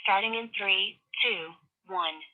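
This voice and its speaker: A synthetic female text-to-speech voice from a coding app, with a flat, evenly paced robotic delivery. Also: mid-range voice, slow pace, narrow, tinny audio.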